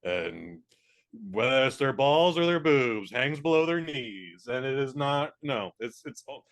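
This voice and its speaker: A man hosting a podcast in a relaxed, comedic chat. He rambles through his stories and makes his points bluntly. His voice sits at an everyday mid pitch. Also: unhurried. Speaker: podcast host.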